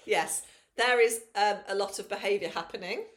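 A woman, co-hosting a casual podcast chat, animated and swearing freely. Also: mid-range voice, normal speed. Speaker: podcast co-host.

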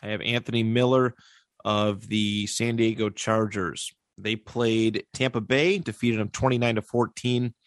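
A man hosting a casual sports podcast, reading out stats with pauses and filler words. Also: lowish voice, fairly even intonation, no room sound, clean studio sound. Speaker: podcast host.

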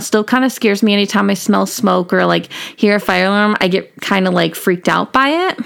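A woman's voice: mid-range voice, vocal fry. A young woman hosting a solo podcast, talking casually and rambling with lots of fillers and little laughs. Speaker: podcast host.

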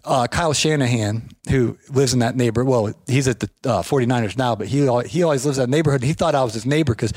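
A man who runs a lawn care business, telling rambling, animated anecdotes in casual chat. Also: mid-range voice, quick pace, hardly any pauses, breathy edge, no echo, clean studio sound.

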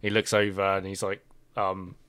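A man's voice: sits low, completely flat delivery, normal speed, very noisy. A man narrating as game master of a tabletop game, in loose, easygoing speech full of fillers.

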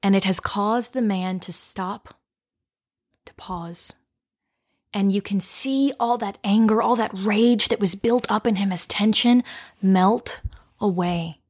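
Soft-spoken woman coach, reflective storyteller. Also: mid-range voice, slightly rough. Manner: soft, slow and reflective, often dropping to a whisper. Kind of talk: personal storytelling with guided reflection.

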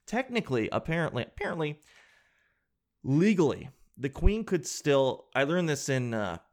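A man from Canada chatting casually on a podcast in an animated, joking, slangy way. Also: on the high side, moderate pace. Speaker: podcast host.

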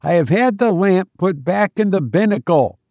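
A man's voice: high voice, lively intonation, moderate pace, a little mellow, no echo, voice pushed up. A man reading an audiobook, voicing a kind, plainspoken sailor who talks earnestly and directly.

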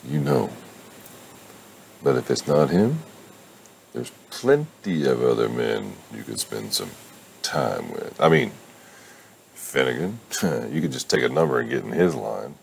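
A man's voice: extremely low pitch, sing-song, measured pace, vocal fry, long pauses, slight background noise, exaggerated voice. A man doing a cheeky, upbeat girlfriend. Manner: upbeat, joking.

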